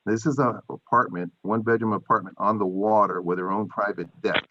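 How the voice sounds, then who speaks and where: A man's voice: fairly low pitch, steady tone, a little fast, muffled recording, background noise. A man speaking as a landlord at a public hearing over a video call, defensive and repetitive. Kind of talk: public meeting testimony.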